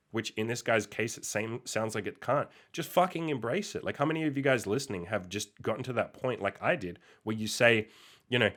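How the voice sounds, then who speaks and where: A man's voice: lowish voice, fairly quick, fairly bright tone. A young man hosting a casual podcast monologue, reacting with exasperated, incredulous, sweary outbursts. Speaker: podcast host reacting to a post.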